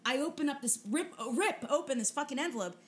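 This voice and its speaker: A woman co-hosting a podcast, telling a story in casual chat, animated and full of swearing and fillers. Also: sits high, fast. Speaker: podcast co-host.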